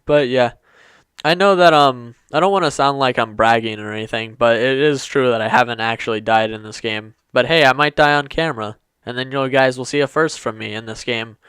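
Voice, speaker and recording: A man's voice: medium pitch, a little fast, fairly bright tone, clear, resonant tone, no room sound. A man giving casual let's-play commentary to his viewers, chatty and apologetic, stumbling over his words. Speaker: gaming YouTuber.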